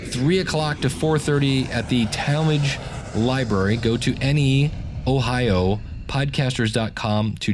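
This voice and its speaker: A man's voice: fairly high pitch, slight background noise. A man hosting a podcast, giving a friendly, chatty sign-off with plugs and reminders. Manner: friendly, chatty promo with fillers. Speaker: podcast host.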